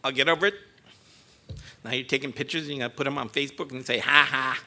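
A man's voice: medium pitch, steady tone, fast talker, pushed and bright. A man in his sixties, a guest preacher in a church, choked up and joking at himself as he opens his sermon. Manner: choked up, joking, self-deprecating. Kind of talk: emotional sermon opening. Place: church sanctuary.

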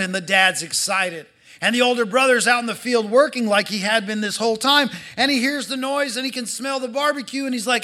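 A man preaching a sermon to his church, acting out the people in the story and swinging between loud and hushed delivery. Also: sits high, brisk. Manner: animated, acts out quoted voices, swings from loud to hushed. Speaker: pastor.

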